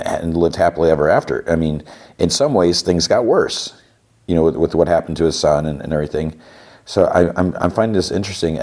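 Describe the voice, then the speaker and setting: A podcast host with a very deep, low voice rambles through a TV episode recap, retelling scenes haltingly. His delivery is casual and loose. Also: a little mellow.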